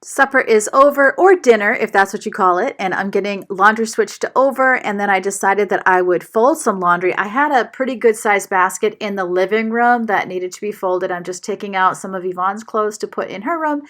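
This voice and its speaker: A woman's voice: mid-range voice, fairly quick, few pauses, fairly bright tone. An older woman from Maine, narrating her home vlog in a chatty, self-deprecating way and laughing often. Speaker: vlogger. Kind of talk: casual voice-over narration.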